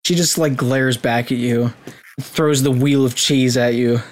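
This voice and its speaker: A man's voice: mid-range voice, fairly even intonation, measured pace, background noise. A man hosting a podcast, narrating an improvised comedy story game in a rambling way, stumbling over restarts and laughing often.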